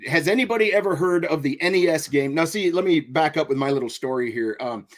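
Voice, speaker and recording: A man with a slightly raised voice hosts a relaxed online chat. He rambles through his stories and laughs as he goes, heard over a video call. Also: on the high side, quick pace. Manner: rambling storyteller, laughs often. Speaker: podcast host. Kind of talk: casual chat.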